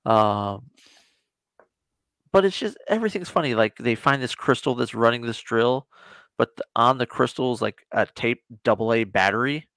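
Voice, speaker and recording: A man, a guest on a casual reaction chat, rambling as he retells scenes and drops into quick quoted voices. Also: mid-range voice, lively intonation, fairly bright tone, no room sound.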